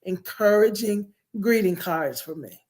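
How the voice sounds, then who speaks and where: A woman's voice: medium pitch, animated, a little slow, a little mellow. A middle-aged woman guest telling her childhood story in an earnest, reflective way. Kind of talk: personal storytelling.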